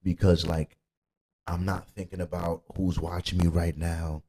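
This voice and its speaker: A man's voice: low-pitched, little pitch movement, a little slow, darkish tone, breathy edge, rough recording. A man with a Detroit accent hosting a podcast, talking casually and animatedly, swearing freely and repeating "you know what I mean.". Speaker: podcast host.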